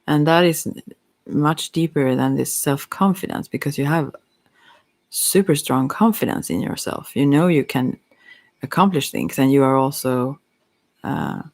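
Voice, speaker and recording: A softspoken ASMR psychic with Swedish as a first language, giving a halting, hesitant chakra reading while teary-eyed. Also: mid-range voice, lively intonation, gravelly. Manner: halting, hesitant, with many fillers. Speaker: psychic card reader.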